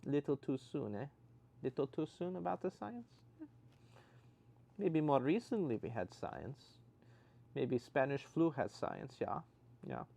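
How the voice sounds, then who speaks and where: A man's voice: mid-range voice, vocal fry, a little mellow. A man hosting a casual livestream, reading viewer comments aloud and answering them with dry, sarcastic jokes. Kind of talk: casual chat.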